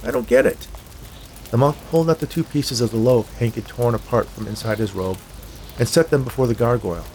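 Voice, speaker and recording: A man reading a dark tale aloud in a measured, scripted storytelling manner. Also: medium pitch, a little hiss or hum. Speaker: narrator. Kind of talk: scripted audiobook narration.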